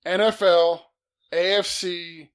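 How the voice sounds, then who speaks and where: High-voiced man, blunt and profane. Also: fairly even intonation, slow, smooth. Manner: blunt, swears freely, backs up the story. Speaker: podcast co-host. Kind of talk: casual chat.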